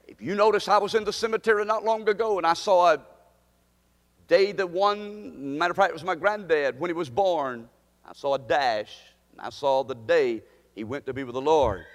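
A pastor preaching with a notably high-pitched voice, leaning hard on repeated phrases. His sermon rings out with the long reverb of a church hall. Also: moderate pace.

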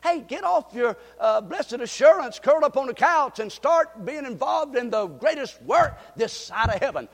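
A man preaching a fervent sermon as pastor, breaking into shouts and folksy asides. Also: very high voice, lively intonation, moderate pace, vocal fry, few pauses. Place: church sanctuary. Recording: long hall reverb.

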